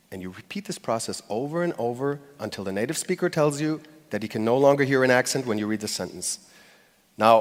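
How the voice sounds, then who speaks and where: A man at a mid-range pitch gives a live talk from a stage in a large hall, and his voice rings with long reverb. He speaks conversationally, stumbling through fillers and restarts, and acts out short quoted phrases with light laughs. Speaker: conference speaker.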